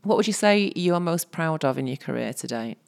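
A woman's voice: low voice, expressive, a little fast, vocal fry. Woman host asking friendly questions. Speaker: podcast host. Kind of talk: casual interview.

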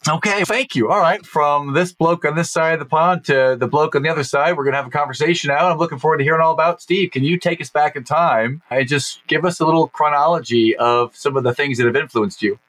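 A man's voice: on the high side, quick pace, few pauses, a bit bright, dry recording. A man from the United States hosting a podcast, upbeat and effusive as he reads an ad and welcomes his guest. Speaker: podcast host.

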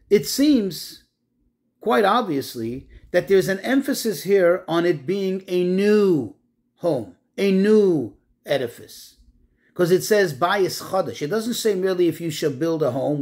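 A man giving a Torah class on the weekly portion, asking rhetorical questions and slowing down to stress Hebrew terms. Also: high voice, a little mellow. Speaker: Torah teacher.

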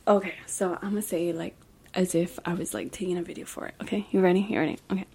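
A woman's voice: fairly low pitch, steady tone, fast, darkish tone, husky. A young woman hosting a faith podcast, talking casually and emotionally with lots of fillers and repeated phrases. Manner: emotional, filler-heavy, repeats "I just can't". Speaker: podcast host and lash artist. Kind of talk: casual faith-based personal chat.

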